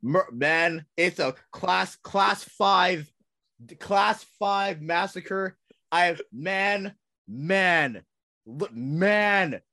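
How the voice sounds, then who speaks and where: A man's voice: high voice, drawn-out words, sharp tone, no echo, clean studio sound. A man co-hosting a casual sports podcast, joking and emphatic, repeating words for effect. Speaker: podcast co-host.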